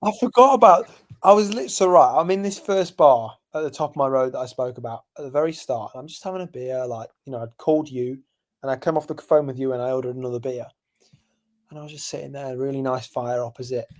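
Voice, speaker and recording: A young man from England, co-hosting a podcast and telling stories animatedly, jumping from loud to hushed. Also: medium pitch. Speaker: podcast co-host. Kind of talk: casual chat.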